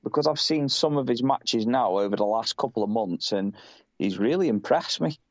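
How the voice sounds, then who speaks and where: A man's voice: mid-range voice, animated, normal speed, no room sound. British man, casual chat, rambling, swears a lot, dry dull audio. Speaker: podcast co-host.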